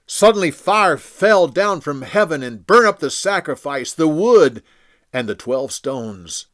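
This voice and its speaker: A man narrating a Bible story in a deliberate, expressive storytelling voice. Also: on the high side, no room sound, clean studio sound. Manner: expressive, deliberate, acts out quotes.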